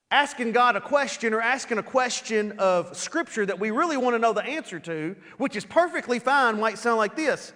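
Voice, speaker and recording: A high-voiced man preaches in a loose, conversational way, often circling back and repeating words as he restarts a thought. His voice carries a long reverb from the large hall around him. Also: a bit bright. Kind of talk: sermon.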